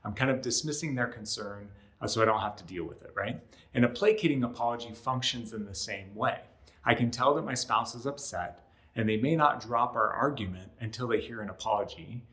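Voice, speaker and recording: A man's voice: mid-range voice, a little fast, a bit bright. A male relationship counselor explaining to camera in a conversational way, often checking in with "right?" and acting out short example lines. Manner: acts out short example lines in other voices. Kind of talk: educational talk to camera.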